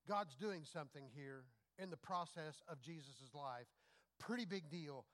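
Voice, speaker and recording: A middle-aged male pastor preaching in a conversational way, firing rhetorical questions at the congregation and swinging between loud emphatic bursts and quiet asides. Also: a little high, moderate pace. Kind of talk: sermon.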